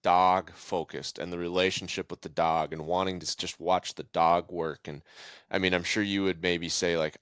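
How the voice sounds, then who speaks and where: A man's voice: low voice, moderate pace, clean tone, no echo, studio quality. A man hosting a podcast, chatting casually and telling a childhood hunting story with quoted lines. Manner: relaxed and friendly, laughs along, retells stories with voiced quotes. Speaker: podcast host.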